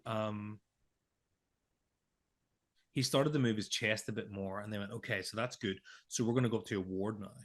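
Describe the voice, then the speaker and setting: Podcast co-host, male, lowish voice, emotional first-person storytelling with quoted dialogue. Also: a bit bright. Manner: emotional retelling with quoted dialogue, hesitant restarts.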